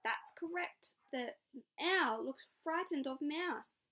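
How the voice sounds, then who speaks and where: High, lively young woman teacher. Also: slow. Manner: questioning, encouraging classroom talk. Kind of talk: read-aloud lesson for children.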